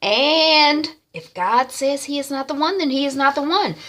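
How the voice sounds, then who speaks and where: A woman's voice: sits high, lively intonation, normal speed, fairly bright tone, voice pushed up. A woman voicing a worried, caring mother who gives firm, earnest advice.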